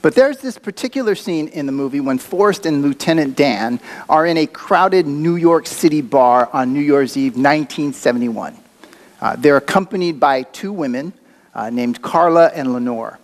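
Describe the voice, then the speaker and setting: A man's voice: a little high, animated, normal speed. A man preaching a sermon as a pastor, talking in a conversational, reflective way with occasional fillers.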